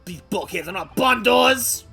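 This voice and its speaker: Man doing a booming sailor. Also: expressive, gravelly, faint music behind, exaggerated voice. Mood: angry, shouting. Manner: loud, slow, broken grammar, indignant. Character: gruff burly male sailor, blunt and hot-tempered.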